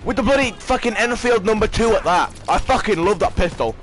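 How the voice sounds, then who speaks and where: A man playing a shooter game with a friend, swearing constantly and yelling at enemies. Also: high voice, lively intonation, a little fast, faint music behind. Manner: explosive, swearing, yells at enemies. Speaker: gamer streaming with a friend. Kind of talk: profane gameplay rant.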